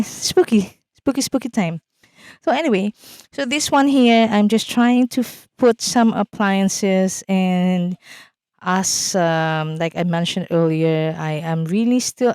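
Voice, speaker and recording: A woman's voice: lowish voice, a little mellow, clean tone, no room sound. A woman vlogger casually talking over a game build, rambling with many fillers and restarts. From outside Canada, now living in Canada.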